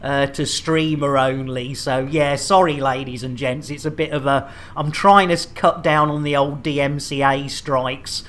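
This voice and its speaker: A man's voice: medium pitch, steady tone, a little slow, few pauses, fairly bright tone. Male streamer, chatty and jokey, addressing his viewers. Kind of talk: casual game streaming chat.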